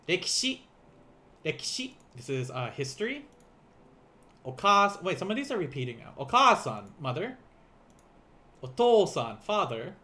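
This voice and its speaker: Man, young adult, teacher, lively sing-song delivery, fairly high voice, laughs often, slow repeated words. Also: slight background noise. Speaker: language teacher. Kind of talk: casual livestream lesson.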